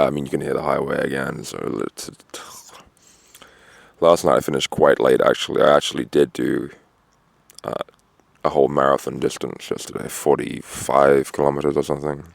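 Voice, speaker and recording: A man's voice: rumbling low, level tone, normal speed, gravelly, pauses often, no room sound. A tired, dehydrated man rambling outdoors at a roadside camp, full of fillers and swearing. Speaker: vlogger on a long walk. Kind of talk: rambling casual monologue.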